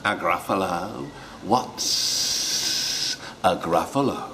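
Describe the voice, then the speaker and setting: A man voicing a sly male snake in a picture book, with a slow, hushed, breathy delivery. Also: sits low, lively intonation, a little hiss or hum, heavily acted. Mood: sinister. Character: sly hissing male snake, low and sinister.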